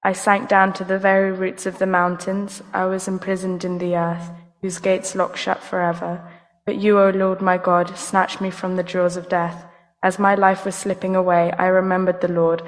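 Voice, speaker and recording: A woman reading a scripture passage aloud in church, steady and even. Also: lowish voice, moderate pace. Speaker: scripture reader. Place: church hall. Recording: long hall reverb.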